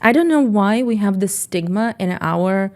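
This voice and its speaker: A woman entrepreneur talking on a podcast, telling animated stories bluntly and swearing freely. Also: mid-range voice, moderate pace. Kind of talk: casual podcast chat.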